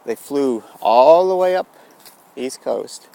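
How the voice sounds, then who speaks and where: A man's voice: mid-range voice, lively intonation, measured pace, creaky, dark tone. A man telling a rambling story outdoors, meandering with frequent restarts and fillers. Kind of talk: rambling spoken tale.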